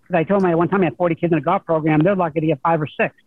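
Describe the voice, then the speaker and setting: A middle-aged man, a high school golf coach, talking over the phone in a rambling, humble way with many restarts. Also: steady tone, racing, no echo. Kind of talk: phone interview guest. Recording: tinny phone line.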